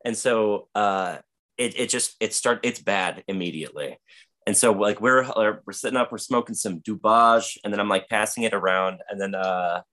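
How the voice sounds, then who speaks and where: A man's voice: on the low side, moderate pace, sharp tone. A man telling a rambling, profane, comedic story in casual podcast chat. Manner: profane, rambling, with frequent fillers. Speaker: podcast guest or host.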